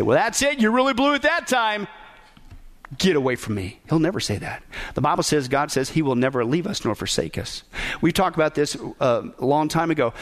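A man preaching a sermon as pastor, emphatic, asking the congregation rhetorical questions. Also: on the high side.

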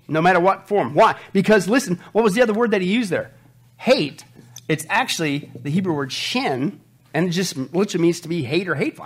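A man's voice: high-pitched, a little fast, breathy edge. A middle-aged male pastor preaching a sermon, asking the congregation rhetorical questions and joking between Bible readings. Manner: animated preaching, rhetorical call-and-response questions, jokes.

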